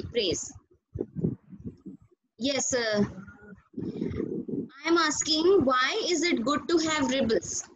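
A woman's voice: high voice, slow, long pauses, fairly bright tone, poor audio. A woman with an Indian English accent teaching a class over a video call, patiently calling on students by name and praising them. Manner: patient, repeats names and questions, praises students. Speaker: school teacher.

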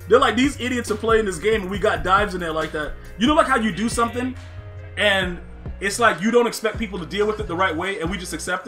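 A man giving casual, slangy live commentary on a football video game, excitable, laughing often and talking to his chat. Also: high-pitched. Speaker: gaming streamer.

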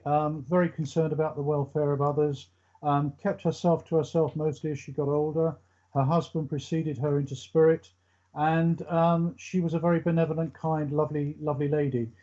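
A man giving a calm, measured psychic reading on a live show. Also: a little high, dull audio. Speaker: medium.

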